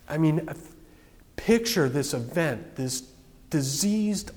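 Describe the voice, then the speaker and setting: Man, pastor, conversational sermon, slightly high voice, long hall reverb. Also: animated, slow, darkish tone. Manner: conversational, plain-spoken preaching.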